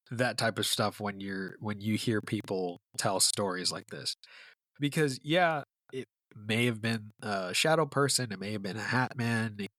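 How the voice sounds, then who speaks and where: A man co-hosts a podcast in relaxed, casual chat. His tone is bright and forward, and the recording is dry and close. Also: mid-range voice, no echo. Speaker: podcast co-host.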